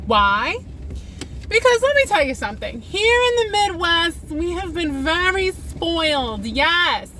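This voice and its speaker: A woman's voice: extremely high pitch, big pitch swings, a little slow, bright, forceful tone, slight background noise. Sarcastic New woman ranting at the wheel. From New York. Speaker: comedy vlogger. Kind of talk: talking to herself while driving. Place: inside a car while driving.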